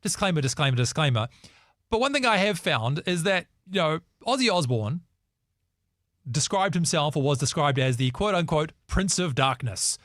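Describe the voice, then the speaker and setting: A man with a New Zealand accent hosting a casual chat show, lively and jokey, often slipping into mocking voices. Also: fairly high pitch, moderate pace, dry recording, clean studio sound. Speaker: host.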